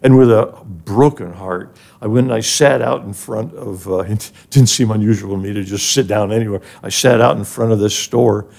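Older man with a gravelly low voice. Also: moderate pace, few pauses, a little mellow. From grew up in an African village. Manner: earnest and emotional, rising when moved. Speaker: guest, charity president emeritus. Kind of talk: personal storytelling in a podcast interview.

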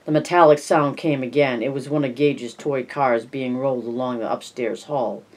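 Audiobook narrator, measured reading, mid-pitched voice, softens for tense passages. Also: fairly even intonation. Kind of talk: scripted narration.

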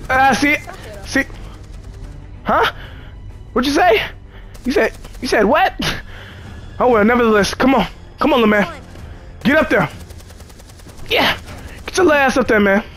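A man's voice: very high-pitched, expressive, measured pace, pauses often, a bit bright, soft background music. A man giving casual gameplay commentary, joking and cursing as he chatters to the game characters. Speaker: gamer.

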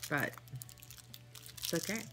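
A woman vlogger chatting casually to camera while unboxing, animated and full of exclamations and asides. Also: takes it slowly, soft background music. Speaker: vlogger unboxing a nail art haul.

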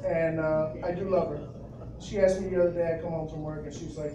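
A man, telling animated stand-up stories at an open mic and acting out other people's voices. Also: on the high side, fast talker. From the Bronx, New York. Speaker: stand-up comedian. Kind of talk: stand-up comedy set. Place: club open mic, live audience. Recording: noisy crowded room, distant and echoey.

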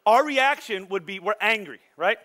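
A man's voice: high-pitched, animated, moderate pace, bright, forceful tone. A man preaching a sermon as pastor, in a casual, joking way that acts out the voices of his listeners. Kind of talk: conversational sermon.

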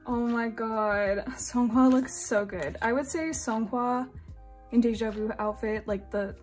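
A woman's voice: a little high, unhurried, a little mellow, soft background music. Gushing young woman with squealy laughs. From Singapore. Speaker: unboxing vlogger. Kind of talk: excited casual unboxing chat. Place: home.

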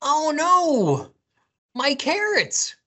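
A woman's voice: slow, husky, exaggerated voice. A woman voicing an eager, cheerful male rabbit who hoards carrots in a storybook reading. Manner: excited high-pitched exclamations.

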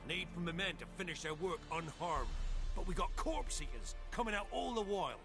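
Gruff scavenger boss. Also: male voice, high-pitched, lively intonation, brisk. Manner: blunt, bargaining, rough working-class speech. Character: gruff male scavenger boss hiring a monster hunter. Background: game music.

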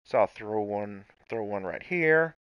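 A man's voice: on the low side, lively intonation, measured pace, clean tone, no echo, dull audio. A man casually commenting on his own gameplay, playful and talking to himself with sudden outbursts. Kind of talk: casual let's-play commentary.

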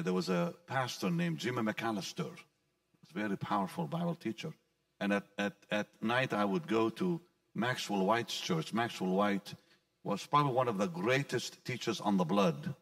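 A man's voice: on the high side, gravelly, far from the mic. A male pastor recounting his personal testimony in an interview, storytelling with frequent restarts and repeated words.

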